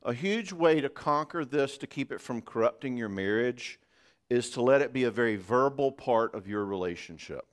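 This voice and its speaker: A man's voice: mid-range voice, lively intonation, moderate pace. A man giving a marriage conference talk in a church, conversational and joking.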